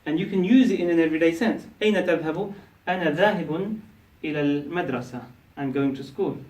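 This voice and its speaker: A man's voice: a little high, very fast, darkish tone. A man teaching a class, explaining and quizzing his students, checking in often with "yeah?". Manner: explains, asks the class questions; frequent "yeah?" and restarts. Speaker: Arabic teacher. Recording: echoey room, mic from a distance.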